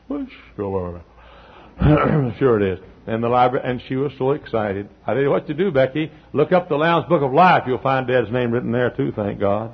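An older man from Texas preaching a sermon in a folksy style, swelling to near-shouted peaks and dropping to quiet asides. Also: medium pitch, normal speed, breathy edge. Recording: dull lo-fi sermon tape.

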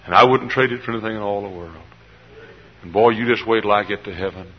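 A man's voice: on the low side, fast, big-room sound. An older man preaching a sermon with fervor, often repeating his phrases. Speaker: pastor. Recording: dull lo-fi sermon recording.

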